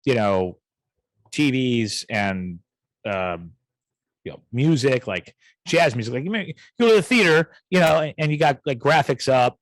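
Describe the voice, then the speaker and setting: A man's voice: medium pitch, animated, unhurried, no echo, poor audio. Rambling, profane man. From south suburbs of Chicago, USA. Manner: rambling, profane, full of "you know" asides. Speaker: podcast host. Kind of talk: casual storytelling rant.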